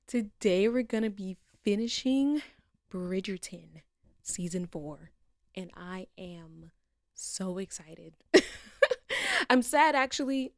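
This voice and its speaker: A woman's voice: on the low side, no echo. Chatty woman reacting to an episode, gets emotional, dry close sound. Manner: excitable, emotional, chatty, laughing often. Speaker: reaction video host. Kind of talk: watching and reacting to a show.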